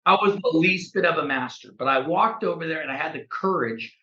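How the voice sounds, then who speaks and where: A man who is a realtor and a podcast guest, telling a story in a casual, animated way and acting out the dialogue. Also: on the high side, fairly quick. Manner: animated, acts out quoted dialogue. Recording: echoey room, dull lo-fi sound.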